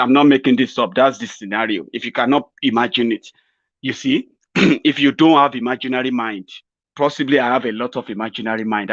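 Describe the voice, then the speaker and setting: A Nigerian man holds forth in a mocking political vlog, rambling and sarcastic, often chuckling at his own remarks. His voice sits mid-pitch. The sound is dull and dry. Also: fairly bright tone, no echo. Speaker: political commentator host.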